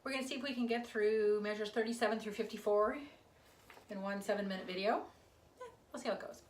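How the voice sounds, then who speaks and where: A woman's voice: medium pitch, fast talker, a little hiss or hum. Woman, choreography instructor, casual, half-sung lyric counts, distant mic, echoey room. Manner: chatty, half-sings lyrics while demonstrating moves. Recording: roomy, recorded from a distance.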